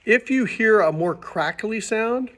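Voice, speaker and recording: Man teaching trumpet basics, slightly high voice. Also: expressive, measured pace, a bit bright. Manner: patient, plain explaining with casual restarts. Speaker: music teacher. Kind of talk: instructional demonstration.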